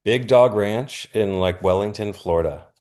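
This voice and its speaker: A man chatting casually as a podcast guest, laid-back and quick to laugh. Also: lowish voice, dark tone. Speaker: punk musician guest. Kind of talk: casual interview chat.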